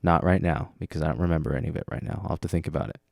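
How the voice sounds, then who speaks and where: A man's voice: deep voice, steady tone, very fast, vocal fry, darkish tone, dry recording, clean studio sound. A man hosting a podcast, talking alone in a rambling, self-mocking way and sounding tired. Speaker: podcast host. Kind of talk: casual solo monologue.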